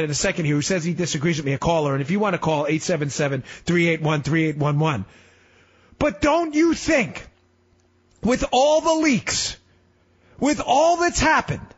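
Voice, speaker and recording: High-voiced, animated radio host man. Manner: fast, animated, sarcastic, rambling. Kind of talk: political talk radio monologue. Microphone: studio microphone. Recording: slightly muffled radio broadcast.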